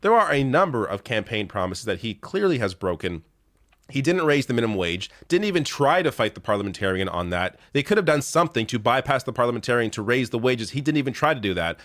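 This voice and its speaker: A man's voice: medium pitch, big pitch swings, fast, fairly bright tone, no echo, clean studio sound. A man giving blunt, profane online political commentary, rattling off lists with rising, incredulous emphasis.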